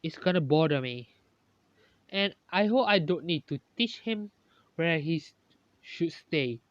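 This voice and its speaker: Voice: mid-range voice, expressive, measured pace, no room sound, lightly acted. A narrator reading the lines of a stubborn, overworked teenage girl hero in a dull, dry recording. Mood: defensive.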